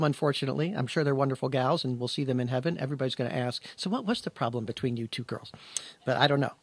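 Man teaching scripture, slightly high voice. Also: no echo, studio quality. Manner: conversational and emphatic, stressing key words. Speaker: Bible teacher. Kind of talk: verse-by-verse Bible teaching.

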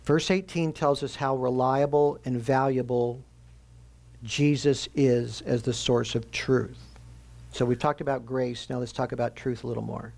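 A man preaching a sermon as pastor, teaching earnestly and slowing down to stress key phrases. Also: medium pitch, steady tone, vocal fry, darkish tone.

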